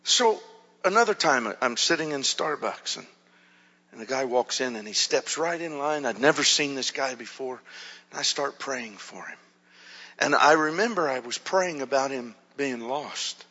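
A man preaching a sermon as a pastor, telling a story in an animated way, acting out quotes with shouts and whispers. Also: medium pitch, normal speed, husky. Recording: dull recording in a hall with long reverb.

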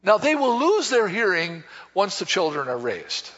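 Animated high-voiced preacher in echoey hall. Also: male voice, moderate pace. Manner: animated, folksy storytelling with acted dialogue. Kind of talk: sermon. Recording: dull echoey hall from a distance.

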